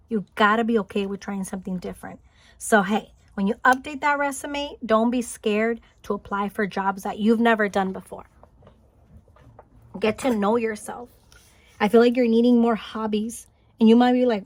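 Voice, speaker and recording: A woman giving a spiritual pick-a-card reading, gentle and encouraging, thinking aloud with small restarts. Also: fairly high pitch, steady tone, moderate pace, dry recording. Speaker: tarot card reader. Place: home, Highland Park, California.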